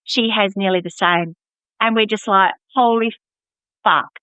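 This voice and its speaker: A woman's voice: medium pitch, steady tone, normal speed, bright, forceful tone, clear, resonant tone, no echo. A woman, a podcast guest candidly telling her own life story. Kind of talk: casual podcast chat. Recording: slightly dull, muffled audio.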